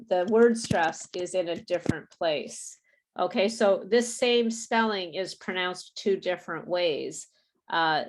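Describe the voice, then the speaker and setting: A woman with a voice on the low side teaches a live online English pronunciation lesson, with a little hiss or hum in the audio. She is patient, repeating words for her students to copy and laughing lightly now and then.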